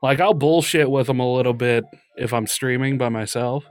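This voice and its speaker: A man's voice: mid-range voice, normal speed, dry recording. A man co-hosting a podcast and livestream, chatting casually, joking crudely and laughing often. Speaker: podcast co-host and streamer. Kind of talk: casual chat.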